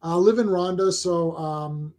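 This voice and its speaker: A man co-hosting a casual chat show, talking excitedly with many restarts and reading viewer comments aloud. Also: sits high, measured pace. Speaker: co-host.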